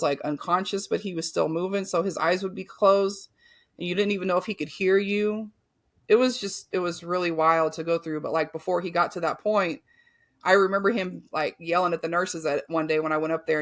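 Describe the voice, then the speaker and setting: A young woman guest on a podcast, telling a personal story in a loose, rambling way full of "like" and "you know". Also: on the low side.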